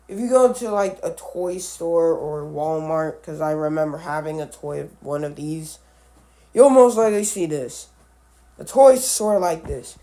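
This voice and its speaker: A man giving casual commentary on animal matchups, halting and often correcting himself, with offhand musing asides. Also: sits high, mellow. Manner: halting, with frequent restarts and self-corrections. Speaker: animal video creator.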